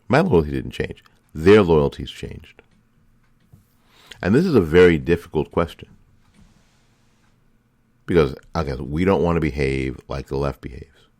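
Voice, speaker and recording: Male show host, extremely low voice, dry close sound, fervent repetitive rhetoric. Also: darkish tone, dry recording. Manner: impassioned, repetitive rhetorical questions. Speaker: political commentary host. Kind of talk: opinion monologue.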